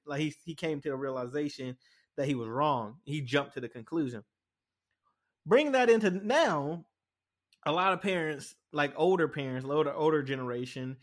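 A man's voice: a little high, fairly bright tone. A young man hosting a casual solo podcast, telling stories in a rambling way with many fillers and restarts. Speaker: podcast host.

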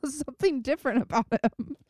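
A woman's voice: high voice, fairly quick, a little mellow, dry recording, studio quality. A young adult woman co-hosting a podcast, chatting casually about a TV show and laughing often. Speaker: podcast co-host. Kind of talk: casual chat recapping a TV show.

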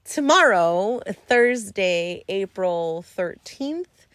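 A woman's voice: mid-range voice, animated, very slow, a bit bright, no echo, studio quality. A woman hosting a podcast, telling a casual story in a rambling way, swearing freely and using lots of fillers. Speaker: podcast host.

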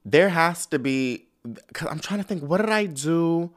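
A man's voice: on the high side, expressive. A man hosting a podcast in sassy, gossipy casual chat, swearing freely and calling listeners "girl.". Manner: sassy, gossipy, drawn-out exclamations. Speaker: podcast host.

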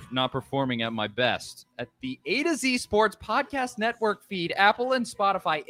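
A man's voice: on the low side, pushed and bright. A man hosting a casual sports podcast, rambling and self-deprecating as he stumbles through the intro. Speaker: podcast host.

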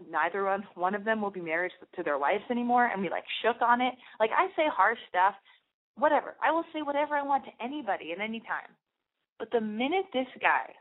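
A young woman hosting a podcast, rambling through a candid personal story with lots of "like" and fillers. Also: mid-range voice. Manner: rambling, confessional, heavy use of "like". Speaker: podcast host. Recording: phone-like narrow band.

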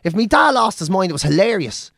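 A man's voice: sits high, fast, creaky, no echo, studio quality. Profane Dublin man telling a story. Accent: Dublin Irish. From Ireland. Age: 40s. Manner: profane, animated storyteller acting out voices. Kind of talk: casual storytelling chat.

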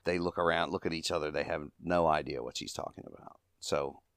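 A man with a low, clear voice hosts a podcast and casually recaps a comedy short. He chuckles often as he retells the gags. The sound is dry and close. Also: brisk, a bit bright, no echo. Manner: chuckling often, acting out quoted lines.

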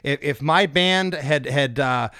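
A man's voice: fairly high pitch, slow pace, sharp tone, clear, resonant tone, no echo, studio quality. Eager man hosting a music interview. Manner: eager, fan-like, chatty. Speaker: interview host. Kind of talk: enthusiastic interview questions.

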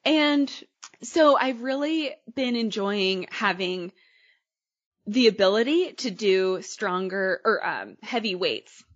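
A woman's voice: mid-range voice, animated, slow, highs cut off. A woman co-hosting a podcast in a casual chat, talking loosely and laughing often. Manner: chatty, laughs often, trails off mid-sentence. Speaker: podcast co-host.

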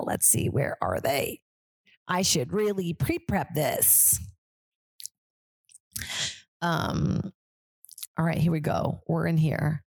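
A woman's voice: lowish voice, moderate pace, no echo. A young woman comedian hosting her podcast, chatting in a rambling, self-deprecating way. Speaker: podcast host, stand-up comedian. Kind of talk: casual chat.

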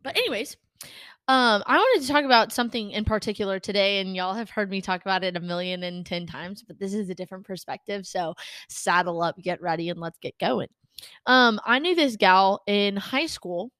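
A woman's voice: medium pitch, normal speed, fairly bright tone, dry recording, studio quality. A young adult woman hosting a faith podcast, talking casually in a chatty, rambling way with many fillers. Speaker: podcast host.

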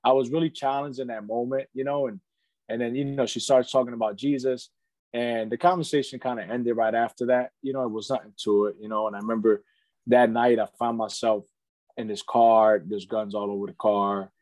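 A man's voice: mid-range voice, steady tone, a little fast, darkish tone, no echo. A man in his thirties, a podcast guest, candidly telling his life story in casual conversation, earnest, peppering his speech with "man" and "you know.". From United States.

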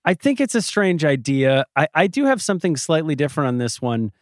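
A man's voice: fairly high pitch, sing-song, a little fast, no echo, studio quality. A man co-hosting a podcast in casual chat, opinionated and sarcastic. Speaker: podcast co-host.

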